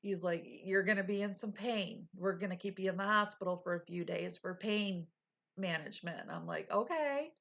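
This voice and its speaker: A woman's voice: medium pitch, normal speed, gravelly, highs cut off. A woman in her forties telling viewers a personal story in casual talk, acting out what people said and dropping into whispers. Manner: animated retelling, acting out quotes, drops to whispers. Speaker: vlogger.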